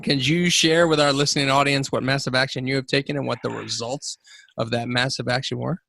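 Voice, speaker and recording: A man's voice: medium pitch, steady tone, fairly quick, gravelly, bright, forceful tone, no echo. A man co-hosting a business podcast, talking in a playful, joking way. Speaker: podcast co-host. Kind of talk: casual podcast chat.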